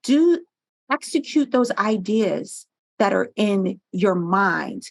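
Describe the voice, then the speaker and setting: A woman from Pennsylvania, a guest on a podcast interview, telling stories in an animated, earnest way with frequent laughs, recorded on a studio microphone. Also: mid-range voice, slow pace, vocal fry. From Pennsylvania, USA.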